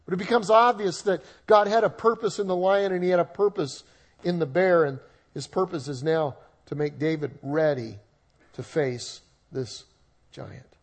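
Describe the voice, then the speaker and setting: Husky male pastor preaching casually. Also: on the high side, normal speed. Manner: conversational, humorous asides. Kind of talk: sermon.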